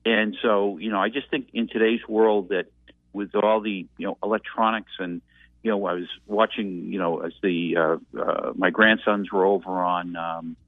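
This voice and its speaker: A man's voice: deep voice, steady tone, moderate pace, no echo. A man, calling in and reminiscing in a rambling, reflective way. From Massachusetts. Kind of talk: casual reminiscing. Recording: tinny dry phone line.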